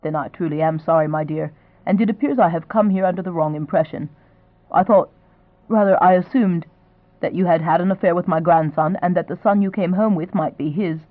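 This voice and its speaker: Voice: mid-range voice, brisk, no room sound, close to an everyday voice. A reader voicing a genteel elderly duchess who stays pleasant but insistent, in a romance audiobook. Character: elderly duchess grandmother, gracious, persistent. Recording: dry, thin phone-like sound.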